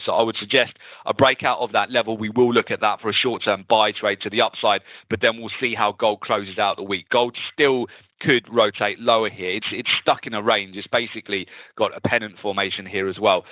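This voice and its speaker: A man hosting a live trading webinar, calmly talking viewers through market charts. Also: fairly low pitch, brisk, dry recording. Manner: steady, explanatory, talks through charts. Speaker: webinar host and trading analyst. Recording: tinny phone-like webinar audio.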